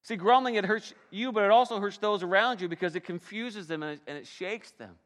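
A man preaching a sermon in a church sanctuary, his delivery swinging between quiet, reflective stretches and loud, emphatic ones. His voice sits high and bright. A long reverb trails after his words. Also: fairly quick. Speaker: pastor.

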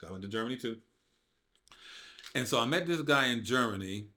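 A man telling his faith testimony as a podcast guest, in casual, informal speech, acting out quotes with big swings in his voice. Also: brisk. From United States. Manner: animated storyteller, acts out quotes with big jumps in pitch; informal speech with dropped verbs. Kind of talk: casual storytelling conversation.

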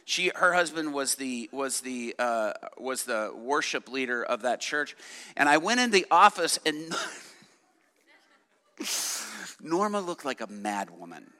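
A man preaching and telling a lively story from the pulpit, acting out the voices of the people in it and laughing along. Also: mid-range voice, slow, long reverb tail. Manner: animated, laughing, acts out voices in his stories. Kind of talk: sermon storytelling.

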